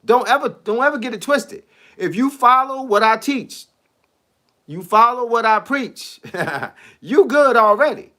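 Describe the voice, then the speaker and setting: A man who coaches fitness and boxing, chatting casually on a live stream into a phone, animated and slangy, laughing often. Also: extremely high pitch, measured pace.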